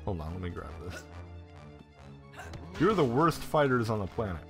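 A man giving casual, excitable gameplay commentary and swearing often. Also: fairly low pitch, normal speed, music in the background.

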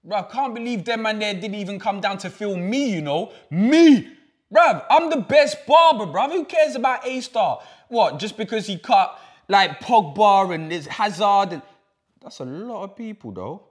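A young man with a London accent playing a boastful barber in a comedy sketch, loud and full of slang. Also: sits high, expressive, moderate pace. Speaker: barber shop owner.

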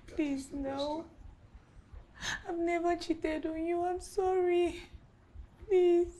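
A woman's voice: very high-pitched, level tone, very slow, dark tone, full character voice. A tearful, pleading mother and wife. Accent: Nigerian English. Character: guilt-stricken mother and wife begging forgiveness. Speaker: actress. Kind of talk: film drama acting.

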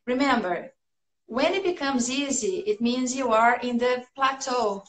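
High-voiced woman teaching English. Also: normal speed, fairly bright tone. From Brazil. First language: Portuguese. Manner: encouraging, repeats key points, loose with fillers. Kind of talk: livestream English lesson. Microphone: phone livestream. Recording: roomy echo.

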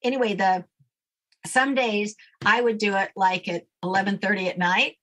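A woman's voice: mid-range voice, steady tone, normal speed, pushed and bright. A woman guest explaining a daily routine step by step in a firm, instructive way during a casual interview. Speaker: guest, name expert.

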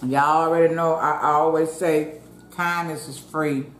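Speaking low and steady, a little slowly, this mukbang host talks casually with her audience in a homespun way. She murmurs "mm" while chewing between bites, and the room echoes over faint background ambience.

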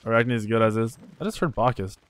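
A young man streaming a game live, commenting excitedly, swearing, trash-talking and thanking viewers from chat. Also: medium pitch, fast. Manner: reads out chat and thanks donors.

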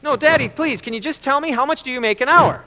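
A man's voice: fast, in a large hall, full character voice. A man voicing an eager five-year-old boy who pleads with his father in a sermon story. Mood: pleading. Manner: pleading, high and excited.

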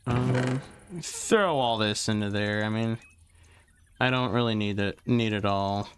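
A young man giving casual gameplay commentary as he sorts items and talks to himself, trailing off into fillers, and he gets loud and excitable once a fight starts. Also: fairly low pitch, a little slow, smooth. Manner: excitable, yells taunts when a fight starts. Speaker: gaming YouTuber.

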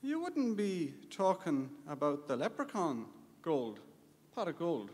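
A man's voice: on the high side, sing-song, unhurried, a little mellow. A man with an Irish accent, playing a local in a comic stage sketch, folksy and exasperated. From Ireland. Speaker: Irish community member on stage. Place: conference hall stage. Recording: live stage mic in a hall.

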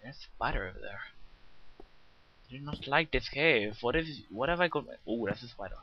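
With a medium-pitched, expressive voice at a moderate pace, a British let's play gamer chats to his viewers and pokes fun at himself as he plays. His commentary is casual and rambling, and there's a faint hiss in the slightly muffled recording.

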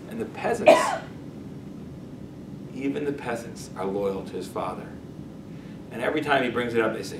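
Casual rabbi telling a story. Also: male voice, mid-range voice, steady tone, a little fast. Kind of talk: storytelling lesson. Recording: echoey room, distant mic, noisy.

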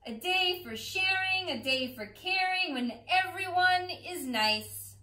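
A woman's voice: very high voice, lively intonation, slow, bright, forceful tone, voice pushed up, exaggerated voice. A woman voicing a brave, clever little male mouse who talks boldly and persuasively. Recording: echoey room.

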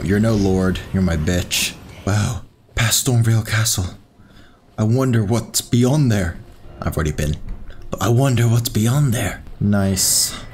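Excitable swearing gamer man. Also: lowish voice, slight background noise. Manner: excitable, swearing, yelling at enemies. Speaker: gaming YouTuber. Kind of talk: live gameplay commentary.

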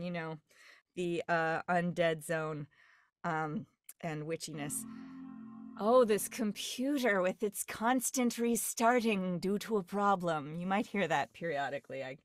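A woman's voice: mid-range voice, fairly bright tone, no echo, studio quality. A woman with a Great Lakes American accent, a dialect coach and voice actress talking in a rambling, digressive podcast interview from home. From US Great Lakes region. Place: at home on a computer, remote.

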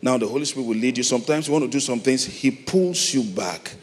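A middle-aged Nigerian man preaching a sermon, moving from soft, reflective storytelling to loud, emphatic calls. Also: mid-range voice, fast talker. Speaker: pastor. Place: large church hall. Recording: long hall reverb, faint noise.

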